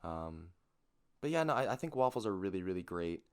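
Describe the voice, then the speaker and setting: A man's voice: deep voice, sing-song, a little fast, clear, resonant tone. A man co-hosting a podcast, chatting casually in an enthusiastic, rambling way. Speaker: podcast co-host. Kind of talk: casual chat.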